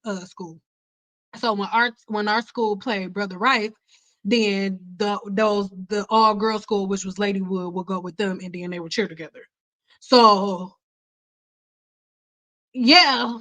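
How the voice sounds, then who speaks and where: Bright, animated young woman from Detroit. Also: poor audio. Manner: animated, chatty, acts out quoted people with big pitch jumps. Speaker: hair care livestream host. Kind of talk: casual livestream storytelling.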